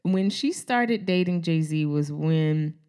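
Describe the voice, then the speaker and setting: A woman's voice: low-pitched, lively intonation, slow pace, mellow, smooth. A woman co-hosting a casual conversation, chatty and easygoing, with side stories and asides.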